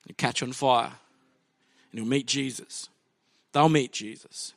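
A man's voice: mid-range voice, steady tone, a little slow, gravelly, a bit bright, dry recording. A man preaching a sermon in a church, telling a personal story in a chatty anecdotal way and acting out the voices of people in it. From Australia.

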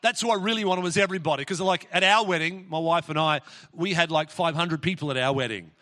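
A middle-aged pastor preaching in a church hall, his sound carrying a long, ringing reverb. His voice is bright and forward and sits a little high for a man. He talks in an animated, exclamatory way and restarts his sentences often. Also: fast. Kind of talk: sermon with prayer and personal stories.

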